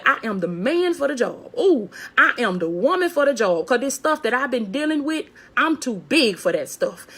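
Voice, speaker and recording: A woman's voice: high voice, fairly bright tone. A woman preaching a motivational sermon on a phone video, fervent, repeating phrases and calling out to her listeners.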